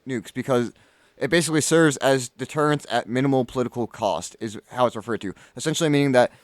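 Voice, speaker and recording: A man's voice: medium pitch, quick pace, dry recording. A man in casual podcast chat, explaining current events at length with many fillers and restarts. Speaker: podcast co-host.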